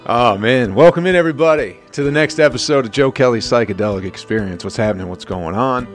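A man hosting his own podcast, talking loud and rambling with lots of swearing. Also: medium pitch, fast talker, soft background music. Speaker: podcast host and comedian. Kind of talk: casual profane podcast monologue.

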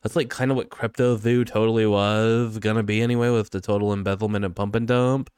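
A man's voice: on the low side, steady tone, fairly quick, a little mellow, clean tone, dry recording, clean studio sound, natural voice. A man putting on a smug, valley-girl-talking parody of a male influencer, drawing out every 'like, totally'. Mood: smug, mocking.

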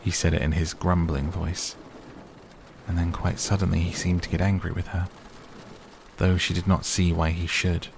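A man softly reading a bedtime audiobook in a calm, even way. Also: sits low, moderate pace, gravelly, noisy background. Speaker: audiobook narrator. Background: rain sounds.

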